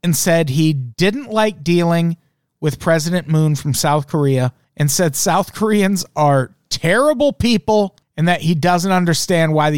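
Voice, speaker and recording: A man's voice: on the high side, no room sound, clean studio sound. A man hosting a podcast, riffing sarcastically on the news with plenty of swearing and laughter. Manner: profane, sarcastic, laughing often. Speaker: podcast host. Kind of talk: casual comedic news chat.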